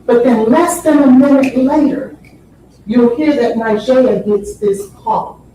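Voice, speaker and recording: A woman defense attorney giving a courtroom opening statement, deliberate and emphatic, repeating phrases for effect. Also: fairly high pitch, dark tone, slight background noise. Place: large courtroom. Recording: very echoey courtroom audio from far off.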